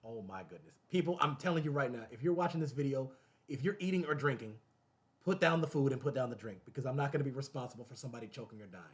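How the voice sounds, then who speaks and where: A man with a mid-range voice hosts his own show, speaking quickly and casually to the camera. He's animated, repeats phrases, and breaks into laughing asides.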